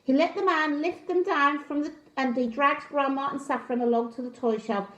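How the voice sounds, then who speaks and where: A woman storyteller reading a picture book aloud to young children, gently asking them questions. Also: high-pitched, moderate pace, highs cut off. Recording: roomy echo.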